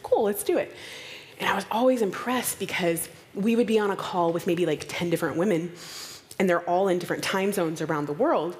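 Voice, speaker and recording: An American woman from Oklahoma speaks at a conference with a slightly low voice. She tells stories in an animated, playful way and acts out the voices of the people she quotes. The sound rings with the long reverb of a large hall. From Oklahoma, United States. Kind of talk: conference talk.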